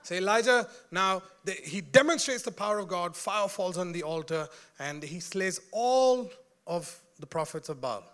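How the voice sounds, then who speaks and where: Man, preacher, high bright voice, animated, joking, sermon to a congregation. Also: moderate pace. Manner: animated, joking, laughs at his own jokes, calls on the congregation.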